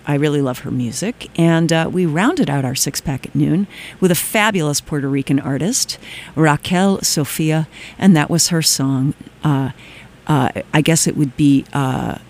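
A woman co-hosting a weekly radio music show, casually back-announcing songs in a chatty, enthusiastic way, often pausing on "uh" as she gathers her words. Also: low-pitched, darkish tone. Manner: chatty, enthusiastic, with frequent "uh" hesitations. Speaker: radio DJ and co-host. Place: radio studio.

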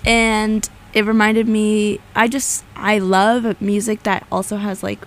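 Playful giggly woman with a gravelly voice. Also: medium pitch, flat delivery, slow pace. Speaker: co-host. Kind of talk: casual chat.

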